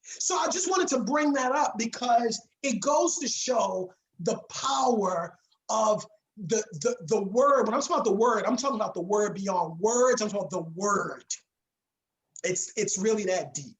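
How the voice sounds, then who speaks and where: A woman's voice: mid-range voice, expressive, normal speed. A woman teaching a public speaking class, speaking with emphasis and repeating her key words for weight. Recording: roomy echo.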